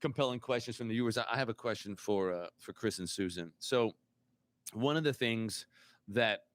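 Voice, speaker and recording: A man's voice: on the low side, normal speed. A man hosting a casual podcast chat, rambling and repeating words as he searches for them. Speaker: podcast host.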